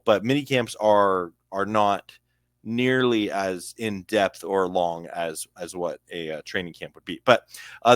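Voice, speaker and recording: A man's voice: fairly low pitch, no echo, clean studio sound. A young man with a Canadian accent hosting a casual sports news video, reading an article aloud with chatty asides and stumbling over names.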